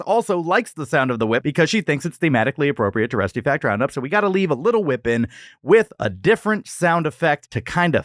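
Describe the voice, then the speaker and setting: A man's voice: on the high side, no room sound, clean studio sound. A man co-hosting a food podcast, telling the story in a playful, joking way. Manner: playful, animated storytelling with jokes. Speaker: podcast co-host. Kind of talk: casual chat.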